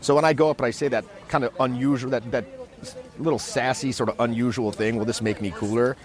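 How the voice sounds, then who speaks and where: A man teaching social skills in a casual, animated way, acting out quick scenes as he explains. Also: mid-range voice, a crowd in the background. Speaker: dating coach. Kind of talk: casual instructional talk. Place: outdoors in a city.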